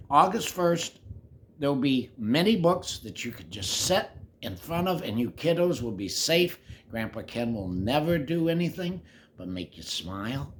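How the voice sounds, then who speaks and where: An older man reads a puppet story to children in an animated, playful way, slipping into hushed whispery asides. He talks slowly, and his pitch swings widely as he goes. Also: a little hiss or hum.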